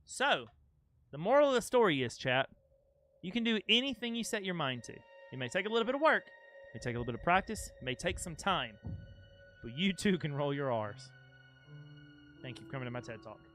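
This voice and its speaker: A man's voice: sits high, very animated, a little fast, fairly bright tone, soft background music. A young man streaming a game, chatting casually and playfully with his chat. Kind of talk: casual live-stream chat over gameplay.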